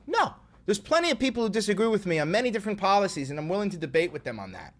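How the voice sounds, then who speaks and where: A man's voice: sits high, very animated, rapid-fire, hardly any pauses. A man hosting a livestream commentary, talking in an angry, emphatic and profane way. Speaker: host.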